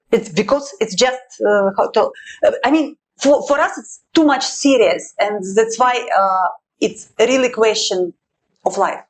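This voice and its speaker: A woman's voice: fairly high pitch, poor audio. Russian woman speaking emphatic broken English. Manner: emphatic, halting non-native English. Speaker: war correspondent guest. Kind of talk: interview answers.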